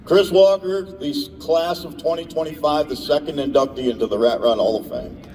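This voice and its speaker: A man's voice: on the high side, fairly quick, noisy background. A man giving an emotional, rambling, off-the-cuff award speech in a large event hall. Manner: emotional, rambling, self-interrupting. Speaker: awards presenter. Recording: distant mic in a reverberant hall.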